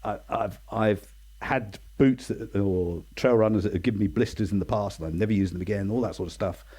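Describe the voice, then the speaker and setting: A man's voice: on the low side, brisk, mellow, slightly rough. A man in his sixties with an English accent, a guest in a casual interview, telling stories in a chatty, self-deprecating way and acting out the people he quotes. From England. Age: 60s.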